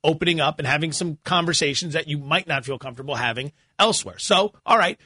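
A male sports talk host with a high, bright, forward voice, recorded dry. He reasons through his points step by step, measured and lightly teasing his co-hosts. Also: slightly rough, no room sound.

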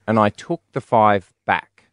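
A man's voice: fairly low pitch, unhurried, fairly bright tone, dry recording. A man hosting a breakfast radio show in a studio, telling stories animatedly and laughing often. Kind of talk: casual on-air banter.

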